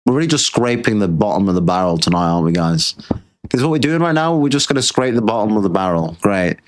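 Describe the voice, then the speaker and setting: A man's voice: fairly low pitch, expressive, quick pace. A British man hosting a livestream, talking in a crude, sarcastic, ranting way. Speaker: streamer host. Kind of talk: livestream rant.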